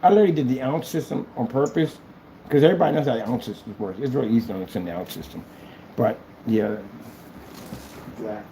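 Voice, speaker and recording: A man's voice: mid-range voice, dark tone, a little hiss or hum. A man who runs a small business, talking casually and rambling as he works on a livestream, thinking aloud and mocking his critics. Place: indoor business premises.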